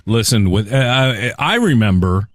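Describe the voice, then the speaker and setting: Man, podcast co-host, rambling, casual chat, animated pitch, dry sound. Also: a little slow, dry recording. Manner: rambling, lots of fillers and restarts, says dude.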